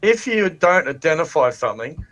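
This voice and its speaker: A man playing a tabletop game, easygoing, with quick agreeable replies. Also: a little high, sing-song, a bit bright. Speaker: player. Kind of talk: casual tabletop game chat.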